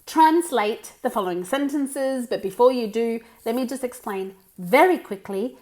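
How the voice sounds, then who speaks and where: An Australian woman leads an online English lesson for Spanish speakers. Her voice sits a little high, and she explains patiently. She keeps checking in with "okay?" and slips into Spanish. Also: moderate pace, a little mellow. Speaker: English teacher.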